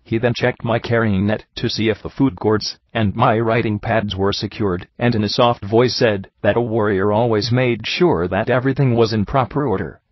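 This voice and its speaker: A man reads a book aloud in a steady, measured narration. His voice sits fairly low. The recording is dry, with no room sound, and slightly muffled, with a lo-fi edge. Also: no echo. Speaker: audiobook narrator. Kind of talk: scripted narration.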